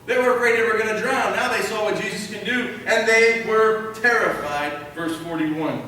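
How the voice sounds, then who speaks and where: A man's voice: high-pitched, normal speed, sharp tone, slight background noise. A male pastor preaching a sermon, emphatic and repeating key phrases while asking the congregation questions. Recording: echoey hall from far off.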